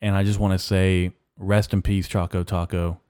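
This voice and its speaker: A young man hosting a solo podcast, giving a halting, mock-mournful rant full of restarts. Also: deep voice, little pitch movement, a little mellow, clean tone, dry recording, studio quality. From Mexican-American. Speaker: podcast host. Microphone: podcast mic.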